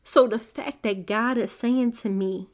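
Earnest soft-spoken woman podcast host. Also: fairly high pitch, unhurried. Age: young adult to middle-aged, a mother. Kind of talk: faith podcast monologue.

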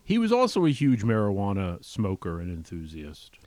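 A man's voice: lowish voice, huge pitch swings, normal speed, darkish tone, no echo. A man chatting as a guest journalist on a podcast, wry and dry, with frequent hesitant restarts. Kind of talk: casual chat.

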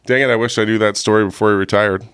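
Low raspy guy hosting a podcast, laid back, dry sound. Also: fairly even intonation, racing, fairly bright tone, no echo. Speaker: podcast host. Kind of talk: casual chat.

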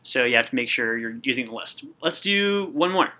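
A man hosting a Japanese lesson podcast, explaining grammar step by step with lively energy. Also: medium pitch, moderate pace. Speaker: podcast host and Japanese teacher. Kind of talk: upbeat language lesson podcast.

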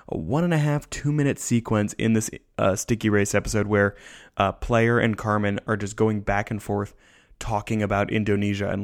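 A man's voice: fairly low pitch, creaky. A tired man hosting a podcast, rambling loosely through a casual review with self-deprecating asides. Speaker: podcast host.

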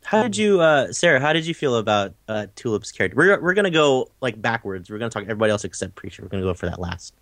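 A man's voice: fairly low pitch, sing-song, a bit bright, no echo. A man hosting a casual podcast chat, enthusiastic and swearing freely. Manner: enthusiastic, swearing, quick asides. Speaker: podcast host.

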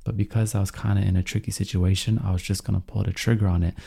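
A young man telling a story in a casual, animated vlog, full of slang and acted-out dialogue. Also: deep voice, fast talker, gravelly, slightly rough.

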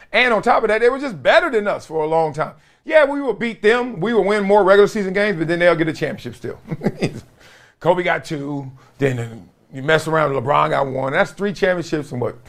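Male host from Compton, slightly high pitch, animated joking monologue style. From Compton, Los Angeles. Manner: animated, joking, laughs often. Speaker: show host. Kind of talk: casual commentary monologue.

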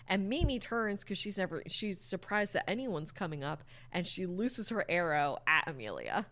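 A woman with a fairly low voice chats through a story's plot, wandering from point to point. She leans on "like" and "um" and drops a casual swear now and then. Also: expressive, moderate pace, fairly bright tone. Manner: rambling, lots of "like" and "um", casual swearing. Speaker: storyteller recapping a book. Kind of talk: casual chat.

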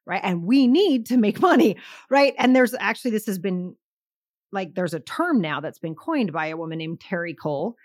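A middle-aged woman, a sales coach appearing as a guest in a podcast conversation, talks emphatically and tells stories full of acted-out quotes. Her voice is lowish, and the studio-quality recording has no echo.

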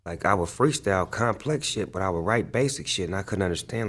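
Deep-voiced yet fairly bright in tone, the rapper is expressive and brisk. He's swapping casual interview stories in a loose, profane manner, cluttered with fillers and lots of "like."

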